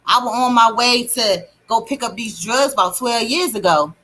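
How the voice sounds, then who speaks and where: A middle-aged woman hosting a livestream, telling her testimony in a casual, animated way and greeting chat viewers. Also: on the high side, normal speed, breathy edge. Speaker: livestream host.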